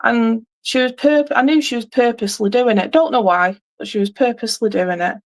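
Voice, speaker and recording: A woman's voice: fairly high pitch, brisk. A middle-aged woman, host of a livestream, chatting casually and telling a rambling story with many restarts.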